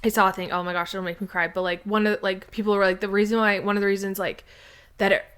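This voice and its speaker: A woman talking in a relaxed, chatty way as she co-hosts a podcast. She gushes about what she loves, circling back and restarting her sentences, with plenty of fillers and a voice pitched in the middle range. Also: quick pace, smooth. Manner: gushing, rambling with many restarts and fillers. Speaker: podcast co-host. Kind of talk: casual chat.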